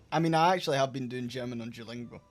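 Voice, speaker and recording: A tired man hosting a charity stream, joking at his own expense and swearing casually. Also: medium pitch. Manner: self-mocking, sweary. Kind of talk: casual chat.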